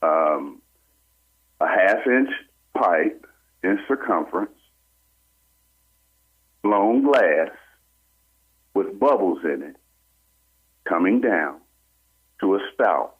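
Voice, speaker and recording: A man on a telephone call tells his story with animation, slipping into the voices of the people involved. His voice sits low and sounds husky. It comes through a thin, tinny phone line. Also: very slow, long pauses. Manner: animated storyteller who acts out what others said. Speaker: caller. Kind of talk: telling a personal story on a call-in radio show. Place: on a phone call into a radio show.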